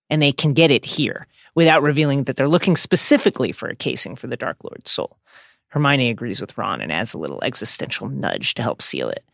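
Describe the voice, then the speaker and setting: Brief: man co-host, gravelly, wry playful storyteller, dry close studio mic. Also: medium pitch, fairly bright tone, no room sound. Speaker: podcast co-host. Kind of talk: recapping a book chapter aloud.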